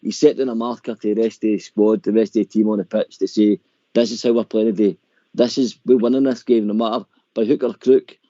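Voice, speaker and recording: A man's voice: on the low side, flat delivery, fairly quick, mellow, no room sound. A man hosting a radio phone-in, chatty and calling people mate. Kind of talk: casual phone-in chat. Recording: dull dry lo-fi line.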